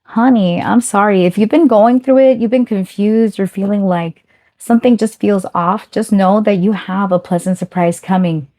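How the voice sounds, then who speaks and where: A woman's voice: medium pitch, normal speed, mellow. A woman giving a chatty pick-a-card tarot reading, talking fondly to her listeners and calling them honey. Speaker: tarot reader.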